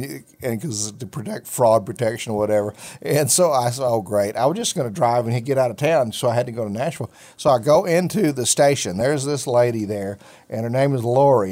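Speaking in a medium-pitched, slightly mellow voice, a middle-aged ministry talk show host rambles through a personal story of faith. It's casual storytelling, folksy and full of fillers.

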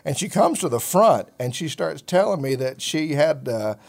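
A man's voice: a little high, big pitch swings, moderate pace, vocal fry. A middle-aged man hosting a ministry talk show, telling a personal faith story in a folksy, rambling way with many fillers. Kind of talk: casual storytelling chat.

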